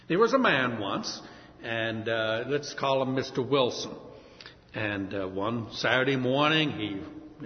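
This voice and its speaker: A man's voice: medium pitch, in a large hall, muffled recording. A middle-aged man preaching a sermon, telling a story with feeling and acting out the voices in it. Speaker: pastor.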